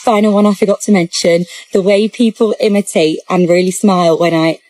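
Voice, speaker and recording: An English woman reporter chats to camera, running through her observations. Her voice is mid-pitched, and it is recorded close and dry. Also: fairly even intonation, brisk, a little mellow, no room sound. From England. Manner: chatty, conversational. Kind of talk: casual list to camera.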